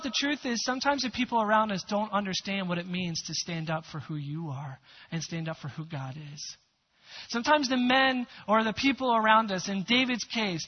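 A male pastor preaching a sermon in a conversational, earnest way with many rhetorical questions. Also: high-pitched. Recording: dull lo-fi recording.

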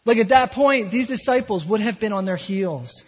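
A man's voice: sits high, lively intonation, normal speed, husky. A man preaching a sermon as pastor, telling the scene like a story and building to impassioned emphasis. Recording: echoey hall, dull lo-fi sound.

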